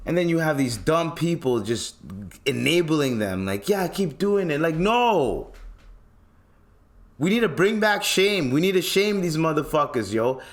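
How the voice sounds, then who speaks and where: A man's voice: on the high side, very animated, measured pace. Man, Toronto accent, young adult, exasperated, profane podcast rant. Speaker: podcast host. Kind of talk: ranting solo podcast monologue.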